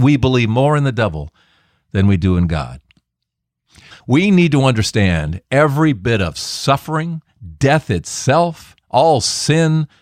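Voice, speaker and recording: A man's voice: mid-range voice, no room sound. Podcast host guy preaching, voice swings up n down a lot, dry close sound. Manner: preacherly, emphatic, rhetorical questions. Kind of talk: faith podcast commentary.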